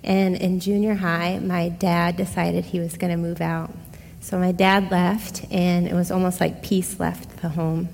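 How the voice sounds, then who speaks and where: A middle-aged woman telling a personal testimony in a casual, expressive way, speaking straight to her listeners. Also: on the low side, measured pace, vocal fry, slight background noise. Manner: conversational, expressive, addresses listeners directly. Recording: long hall reverb.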